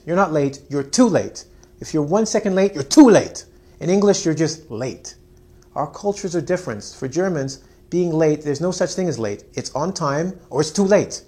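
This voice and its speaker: A man's voice: a little high, warm tone. A man teaching an English lesson, acting out students' lines with big jumps in voice and laughing often. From Canada. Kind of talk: energetic online English lesson.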